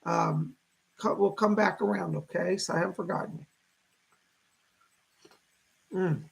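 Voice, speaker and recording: A man in his fifties hosting a casual psychic livestream, chatting warmly with viewers and greeting them by name. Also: high-pitched, fairly even intonation, a little slow, creaky, slightly rough. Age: 50s.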